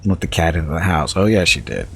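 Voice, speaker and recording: A man's voice: a bass voice, big pitch swings, fast, vocal fry, fairly bright tone, slight background noise. A male streamer chatting casually, telling a home anecdote with restarts and chuckles. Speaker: game streamer. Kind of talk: casual chat.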